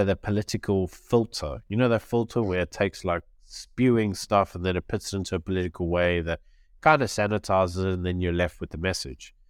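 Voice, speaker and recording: Lowish-voiced opinionated male podcaster. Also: dry recording, studio quality. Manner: opinionated, acts out quotes in other voices. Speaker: podcast co-host. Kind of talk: casual podcast chat.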